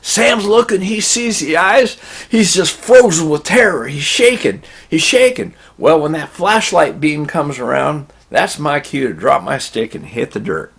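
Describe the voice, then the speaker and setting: A man's voice: a little high, sing-song, unhurried, creaky, fairly bright tone, husky. A man telling a long prank story in a folksy, rambling way. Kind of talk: casual spoken storytelling.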